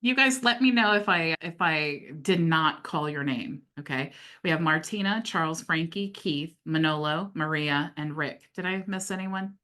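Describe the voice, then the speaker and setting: A woman hosting a casual group video call, telling stories in a lively, quick way. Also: sits low. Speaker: host of a group coaching call.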